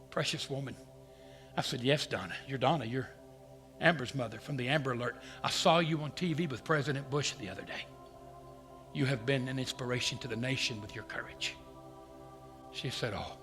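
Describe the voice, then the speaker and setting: A man with a drawl tells a personal story with dramatic swings, hushing down low and then rising almost to a shout. His voice is bright and forceful and sits a little high. Faint music plays underneath. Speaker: speaker telling a personal story. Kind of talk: storytelling talk.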